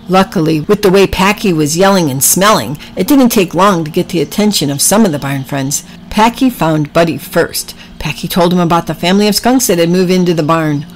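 A woman narrating a children's story with gentle, drawn-out emphasis. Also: lowish voice, rough recording.

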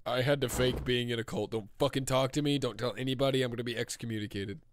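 A man's voice: mid-range voice, fairly even intonation, quick pace, dry recording, lightly acted. A man voicing a grumpy, foul-mouthed young male pony student in an improvised comic fan dub. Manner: bitter, complaining, swears a lot.

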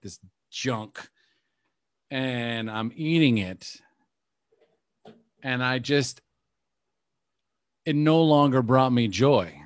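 Guy coaching over a video call, candid confessional storytelling, mid-pitched voice, dry sound. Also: no echo. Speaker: life coach. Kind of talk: personal story told to a group call.

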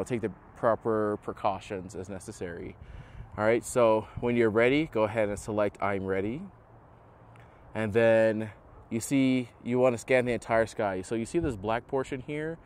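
A man's voice: mid-range voice, a little hiss or hum. Man explaining casually on a rooftop. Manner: relaxed, filler-heavy explaining. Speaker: host of a setup tutorial. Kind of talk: casual how-to demonstration. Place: outdoors on a house roof.

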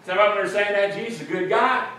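A man's voice: sits high, fast talker, pushed and bright. A man preaching a sermon, explaining a passage earnestly and repeating phrases for emphasis. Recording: very echoey room, mic at a distance, faint noise.

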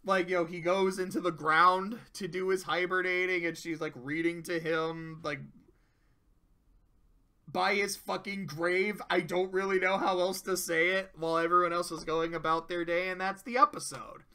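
Male reviewer, casual, animated and profane, high bright voice, slips into quick character voices. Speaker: show reviewer. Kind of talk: casual tier-list commentary.

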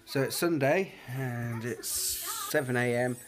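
A man's voice: mid-range voice, a little slow, background noise. British man rambling through a home vlog. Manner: rambling, with many fillers and restarts. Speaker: vlogger. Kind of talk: casual daily vlog chat. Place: at home, indoors. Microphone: handheld phone.

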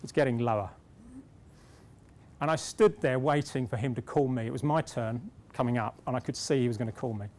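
A middle-aged British speaker in a conference hall recounts a self-deprecating story, restarting along the way, before getting to his point. His voice is mid-range and darkish in tone, delivered fairly quickly.

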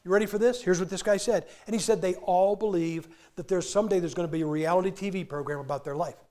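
A man's voice: high voice, fast talker, a little mellow. An older man preaching a humorous sermon in a church, folksy and joking as he acts out old movie scenes.

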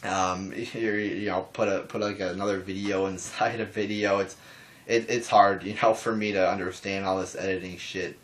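A young man talking calmly to his camera in a casual response vlog, rambling with lots of restarts and fillers and casual swearing. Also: sits low, moderate pace. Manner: calm, even talking voice. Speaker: wrestling YouTuber.

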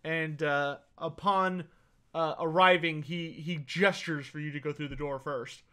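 A man narrating as game master of a tabletop role-playing game, pausing often with fillers as he describes scenes. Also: on the high side, steady tone, pushed and bright, clean tone. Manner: halting, many uh fillers while narrating.

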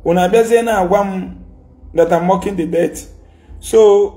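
Scolding Nigerian man with a gravelly voice. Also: high-pitched, normal speed, dark tone. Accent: Nigerian, Igbo. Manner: mixing Igbo and English, repetitive, scolding. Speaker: commentator. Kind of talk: heated social media rant.

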